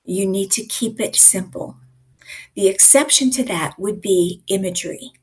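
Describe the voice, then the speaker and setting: A woman leading a live online communication coaching session in a lively, conversational way, often acting out examples for her listeners. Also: medium pitch, a little slow, slightly rough. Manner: lively, conversational teacher who acts out examples.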